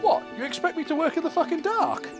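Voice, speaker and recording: A man's voice: mid-range voice, a little fast, music in the background, close to an everyday voice. A man putting on the voice of a cheeky little boy in a joke he tells.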